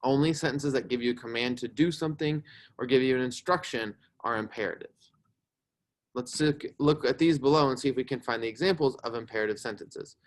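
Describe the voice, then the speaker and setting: Young guy teaching a class, patient explainer, middle pitch, keeps saying right?. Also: brisk. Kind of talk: classroom grammar lesson.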